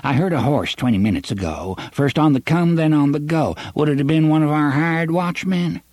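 A man's voice: on the high side, normal speed, a little mellow, no room sound, voice pushed up, close to an everyday voice. Man doing a quavery old gunslinger. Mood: cautious, scheming. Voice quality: quavering, drawling. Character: old-sounding male gunslinger, wary and sly.

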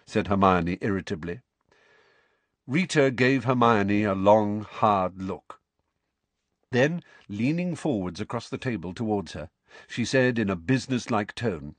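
A man narrates a storybook with an expressive, animated reading. His pitch moves freely over a wide range. The recording is dry and close, with no room sound. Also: moderate pace, dry recording. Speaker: audiobook reader.

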